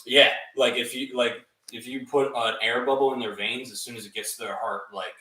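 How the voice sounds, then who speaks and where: A young man co-hosting a podcast, telling a story casually, animated and swearing, often laughing and acting out other people's voices. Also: medium pitch, fairly quick, echoey room, distant mic, low-quality recording. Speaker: podcast co-host.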